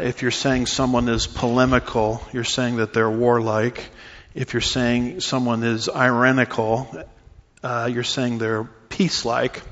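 A male pastor delivers a teaching sermon in a church sanctuary, his mid-pitched voice carrying a long reverb tail. He explains scripture step by step with a steady, unhurried delivery, pausing on uh fillers. The recording is slightly dull and muffled. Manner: measured teaching with frequent uh fillers. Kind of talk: expository sermon.

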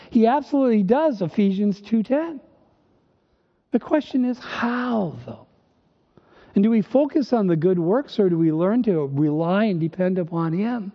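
An older male pastor from northern Minnesota, preaching emphatically with rhetorical questions and dry humor. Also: high voice. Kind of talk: sermon. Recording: dull recording with long hall reverb.

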